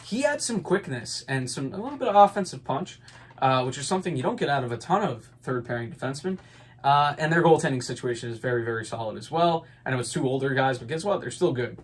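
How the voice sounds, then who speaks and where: A man's voice: medium pitch, lively intonation, fast. Guy rambling thru his hockey picks, lots of ums, upbeat, normal mid voice. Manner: rambling, filler-heavy, upbeat opinions. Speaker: podcast host. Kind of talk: casual sports talk.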